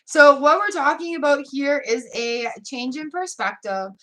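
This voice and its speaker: A woman's voice: sits high, measured pace, a bit bright. A woman giving a live tarot reading, chatting casually and laughing often. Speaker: tarot reader.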